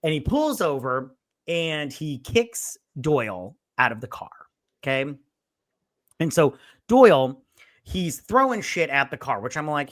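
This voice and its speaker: A man's voice: a little high, sing-song, unhurried, no room sound, clean studio sound. A man hosting a casual movie review podcast, retelling a plot in a rambling, profane way. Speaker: podcast host.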